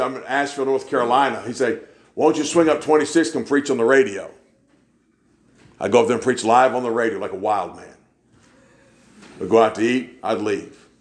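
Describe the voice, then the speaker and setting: A man, preaching in a church and telling folksy stories, acting out the people he quotes. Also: medium pitch. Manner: folksy storyteller, acts out quoted voices. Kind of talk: sermon storytelling.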